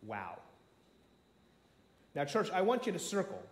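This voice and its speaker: A man preaching a sermon as pastor, telling the story dramatically, acting out voices and swinging from shouts to near whispers. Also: high voice, lively intonation, unhurried. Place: church sanctuary. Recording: echoey church room.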